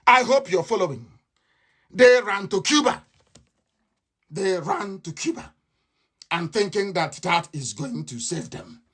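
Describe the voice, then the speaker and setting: A man's voice: on the high side, fairly bright tone, husky. Male radio broadcaster, fiery and mocking, hammers points through repetition, live monologue.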